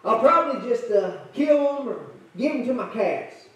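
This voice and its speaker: Man doing a mean little kid bragging, high voice, lots of echo. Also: expressive, moderate pace, a bit bright. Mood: boastful. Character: young mischievous mean boy. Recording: echoey church from far off.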